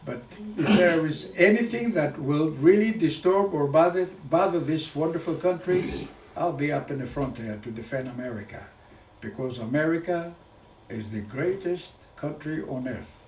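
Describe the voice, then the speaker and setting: A man, a former pilot giving a speech. He talks in halting phrases full of fillers and restarts. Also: fairly high pitch, expressive, a little mellow, slight background noise. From Greece. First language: Greek. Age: 90s. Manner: halting, with many fillers and restarts, earnest and patriotic. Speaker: guest speaker, retired fighter pilot. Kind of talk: speech to an audience. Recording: echoey room picked up from far off.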